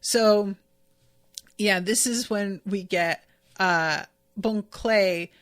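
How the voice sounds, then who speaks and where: A woman's voice: medium pitch, drawn-out words. A woman hosting a podcast and casually recapping an episode, gushing and swearing freely. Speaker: podcast host.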